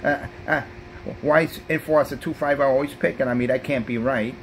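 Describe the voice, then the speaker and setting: A man's voice: medium pitch, steady tone, a little fast, slight background noise, voice pushed up, natural voice. A man putting on the voice of a whining, self-pitying crybaby on the radio.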